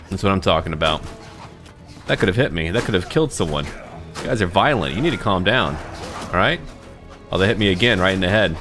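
A man's voice: low-pitched, animated, quick pace, pauses often, a bit bright, soft background music. A man giving casual let's-play commentary, thinking aloud and talking to his troops as he plays. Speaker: gaming YouTuber.

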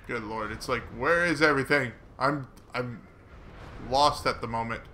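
A man giving casual, chatty commentary while playing a video game, mocking himself and breaking into excited swearing. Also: medium pitch, moderate pace, a little hiss or hum. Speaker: gaming let's player.

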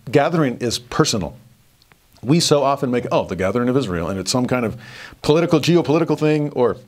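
A middle-aged man with a lowish voice teaches a devotional scripture lesson. He tells stories earnestly, shifting between hushed and animated delivery.

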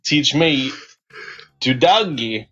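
A man doing an impression of an older male film star, speaking slowly with odd pauses between words. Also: medium pitch, lively intonation, sharp tone, lo-fi sound, heavily acted. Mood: deadpan.

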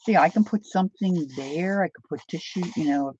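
A middle-aged woman hosts a craft livestream, chatting casually, wandering through stories, and greeting viewers by name. Her voice is mellow, on the low side and a little fast. The dull, lo-fi, dry home recording has a slight hiss or hum.

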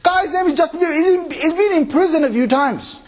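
A man giving a lecture at a mosque, talking animatedly and checking in with his listeners with quick questions. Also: very high-pitched. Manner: animated, acts out quoted voices and laughs often. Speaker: Islamic lecturer.

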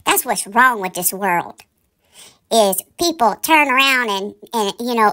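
Indignant high-voiced woman ranting. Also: lively intonation, measured pace, bright, forceful tone. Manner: indignant, scolding, rhetorical questions. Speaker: commentary channel host. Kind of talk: heated commentary rant.

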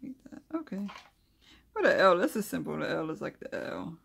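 With a gravelly, slightly rough voice of medium pitch, a craft video host guides viewers through a relaxed calligraphy lesson. The host begins by reading notes, then eases into loose side comments and low mumbling while forming letters, the pace staying slow and homespun.

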